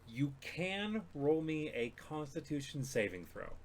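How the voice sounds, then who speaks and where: A man's voice: fairly high pitch, sing-song, measured pace, a little hiss or hum. A man running a tabletop game session as dungeon master, casual and laughing, swearing freely.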